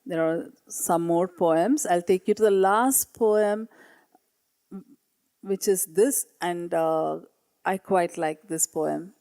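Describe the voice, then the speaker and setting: A woman's voice: on the low side, takes it slowly, mellow, smooth, no echo. A woman teacher presenting classroom work at a meeting, earnest and hesitant, reading pupils' writing aloud. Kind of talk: conference presentation. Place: meeting room.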